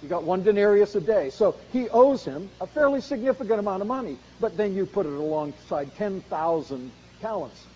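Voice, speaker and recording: A man preaching a sermon on a Bible passage, earnest, rising to loud emphasis and then dropping low. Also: lively intonation, brisk, few pauses, muffled recording, slight background noise. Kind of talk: expository sermon.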